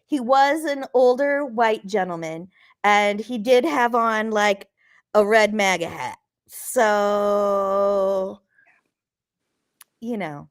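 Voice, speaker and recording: A woman's voice: medium pitch, slow pace, long pauses, smooth. A woman co-hosting a podcast, chatting casually, exclaiming and bursting into laughter. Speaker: podcast co-host. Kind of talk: casual chat.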